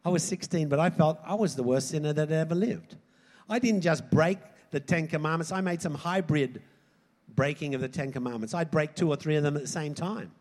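A man preaching a sermon in an animated way, swinging from loud emphasis to quiet asides. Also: on the high side, brisk. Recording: hall reverb.

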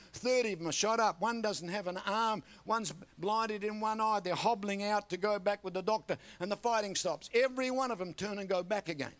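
A man's voice: high-pitched, a bit bright. An older man preaching a sermon, telling folksy stories and calling for amens. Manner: folksy storytelling with calls for amen. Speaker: pastor.

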